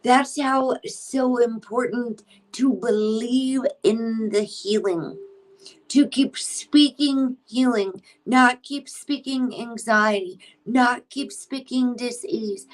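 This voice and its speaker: A woman's voice: fairly high pitch, rough recording. Earnest, affirming woman. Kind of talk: casual chat.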